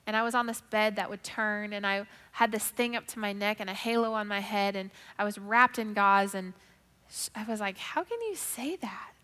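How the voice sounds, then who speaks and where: A woman giving an emotive personal faith testimony, moving between hushed, whispered moments and loud, excited storytelling. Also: mid-range voice, moderate pace, clean tone, long reverb tail.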